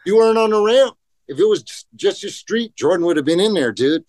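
Animated swearing man telling stories. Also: high voice, brisk, dry recording. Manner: animated, profane, acts out quotes in voices. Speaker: guest, pro skateboarder. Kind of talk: casual storytelling chat.

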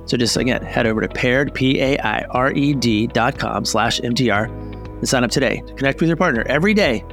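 A man hosts a podcast, reading a sponsor message in a loose, chatty way. His delivery is relaxed and full of fillers. Faint guitar music plays under the voice. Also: mid-range voice, a little fast, gravelly. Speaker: podcast host. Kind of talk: ad read, casual chat.

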